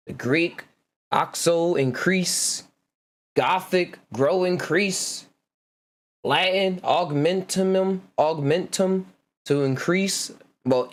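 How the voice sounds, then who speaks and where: A man hosting a podcast, reading out word origins slowly in a laid-back way and laughing often. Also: on the high side. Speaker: podcast host. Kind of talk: casual solo chat reading etymology.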